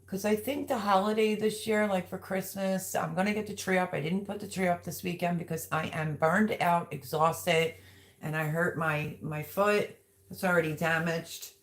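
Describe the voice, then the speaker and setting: A woman's voice: lowish voice, fairly even intonation, moderate pace. A woman hosting a casual live stream, chatting in a rambling, affectionate way as she reads out viewers' comments.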